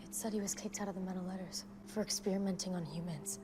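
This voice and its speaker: A brisk young female hunter, played by an actress in a TV drama, asking pointed questions at a fast clip. Background ambience hisses under the clip audio. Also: on the low side, steady tone, lightly acted. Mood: questioning. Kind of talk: TV drama acting.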